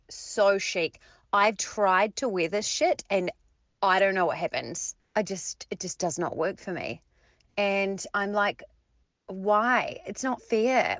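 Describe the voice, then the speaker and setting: A woman's voice: mid-range voice, no echo. A woman in her thirties ranting, exasperated and self-mocking, in a phone voice memo. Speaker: friend sending a voice note. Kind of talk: ranting voice message.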